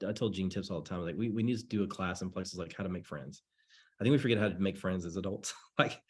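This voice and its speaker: A network marketing coach with a low, somewhat husky and slightly mellow voice gives casual sales coaching on a call. He's chatty and repetitive in a friendly, rambling way, and he keeps acting out little sample conversations.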